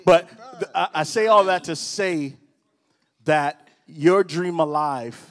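A man's voice: a little high, slow. A middle-aged man preaching a casual sermon, telling personal stories with teasing asides to the crowd. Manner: conversational, storytelling, teasing asides. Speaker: pastor. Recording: long hall reverb.

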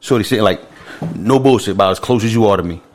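A man's voice: fairly low pitch, fast talker. A man co-hosting a podcast, telling a long story in a loose, profane, laughing way among friends. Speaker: podcast co-host.

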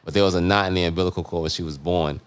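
A man hosting a podcast in casual, joking chat, giving shout-outs to listeners. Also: sits low, steady tone, very fast, clear, resonant tone. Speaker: podcast host.

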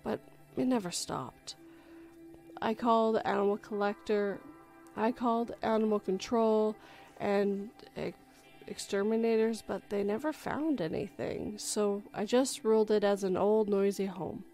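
Casual woman host reading a creepy first-person tale, middle-pitched voice, faint music underneath. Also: measured pace. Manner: relaxed reading with frequent self-corrections. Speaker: story reader and livestream host. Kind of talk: reading a horror story aloud.

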